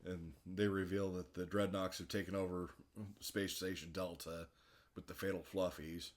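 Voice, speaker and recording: Male podcast co-host with a lowish voice, chatty plot recap, easy laughter. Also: flat delivery, normal speed. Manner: recounts plot at length, laughs often. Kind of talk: casual episode recap chat.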